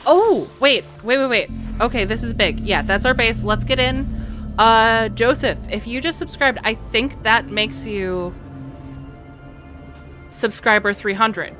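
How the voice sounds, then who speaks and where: A woman streams a video game, chatting casually to viewers and to herself as she plays, with game music and sounds underneath. Her voice is a little high, bright, and forceful, at a measured pace.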